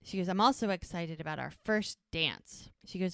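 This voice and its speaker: A woman co-hosting a podcast, retelling a TV episode in an animated, chatty way and quoting the characters. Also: lowish voice, normal speed, hardly any pauses, no room sound, studio quality. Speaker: podcast co-host. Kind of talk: casual recap of a TV episode.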